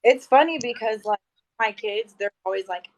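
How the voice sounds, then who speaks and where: Brief: woman, 30s, casual guest, lively storyteller doing voices in her anecdotes. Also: a little high, normal speed, low-quality recording. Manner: animated, acts out quoted dialogue. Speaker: podcast guest.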